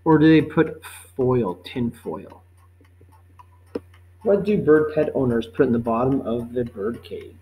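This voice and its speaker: A man teaching a life-skills quiz, reading each question slowly and patiently, then repeating it before giving the answer. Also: mid-range voice, expressive, warm tone, rough recording. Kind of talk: quiz lesson narration.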